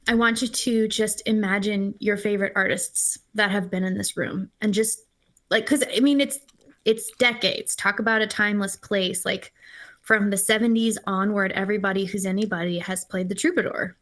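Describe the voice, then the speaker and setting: A woman's voice: medium pitch, fairly even intonation, normal speed, a bit bright. A woman guest musician chatting casually in an interview, telling stories with enthusiasm. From Los Angeles-based. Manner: talks with her mouth full. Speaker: singer-songwriter guest.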